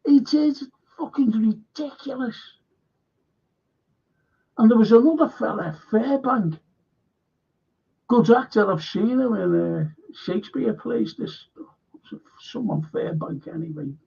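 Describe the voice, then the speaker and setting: A man's voice: high-pitched, animated, unhurried, vocal fry, pauses often, warm tone, husky. A man hosting a live stream, rambling bluntly and swearing often. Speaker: show host. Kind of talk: casual live-stream chat. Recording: dull lo-fi stream audio.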